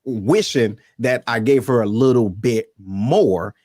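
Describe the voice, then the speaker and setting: A middle-aged man hosting a casual talk, speaking with lively, emphatic, preacher-like conviction. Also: mid-range voice, slow pace, no echo, clean studio sound. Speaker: host. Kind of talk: casual chat.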